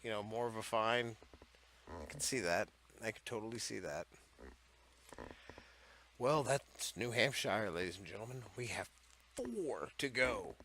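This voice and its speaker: A man's voice: lowish voice, animated, unhurried, pauses often, pushed and bright. A man hosting a casual comedic commentary, rambling, sarcastic and profane as he reads out laws. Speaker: host of a comedy series on odd laws.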